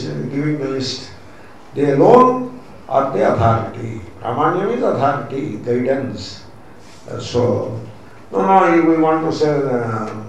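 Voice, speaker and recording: A man's voice: mid-range voice, vocal fry. Echoey, far-off Indian man lecturing. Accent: Indian English. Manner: emphatic, repeats key points, mixes in Sanskrit terms. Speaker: swami teaching scripture. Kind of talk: spiritual lecture on scripture. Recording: very echoey room, mic far off, faint noise.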